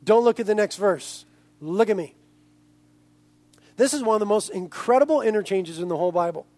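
A male pastor preaching a sermon in an animated way, speaking directly to the congregation. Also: sits high, fairly quick, no room sound.

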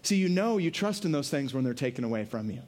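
A man preaching a sermon, lively and earnest, dropping his voice low for emphasis and acting out quotes. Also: fast talker. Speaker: pastor.

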